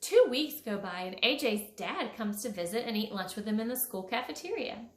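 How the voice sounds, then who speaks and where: A woman reading a children's story for a school, expressive, leaping up high on sound words. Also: normal speed. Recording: echoey room.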